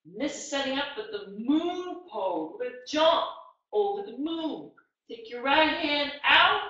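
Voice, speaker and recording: Woman kids-yoga teacher, unhurried, higher voice, coaxing; very roomy, dull recording. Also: expressive, pushed and bright. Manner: encouraging, coaxing instructions to children. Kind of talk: online kids yoga class. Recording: muffled echoey room.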